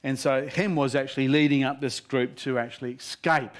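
A male preacher telling a story in a sermon, lively and animated, often laughing between lines. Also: mid-range voice, fairly quick.

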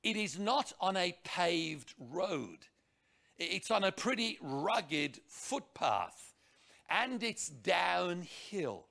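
A male preacher delivering a sermon in a high, lively voice that leaps around. His tone is bright and forceful with a gravelly edge, and he hammers points home with rhetorical questions and repetition. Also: very slow.

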